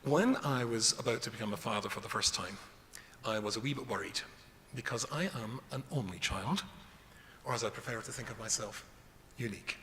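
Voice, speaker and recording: Fairly low-pitched, fairly quick, and a bit bright, a middle-aged rabbi jokes at his own expense in a story-filled lecture. It's recorded in an echoing hall with a little background noise.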